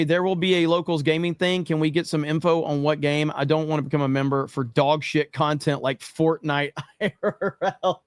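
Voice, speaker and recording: A man's voice: a little high, clear, resonant tone, no echo, clean studio sound. A man hosting a casual livestream, reading out viewer messages and answering them in a profane, exasperated, joking way. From United States. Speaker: livestream host. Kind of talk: casual livestream chat reading super chats.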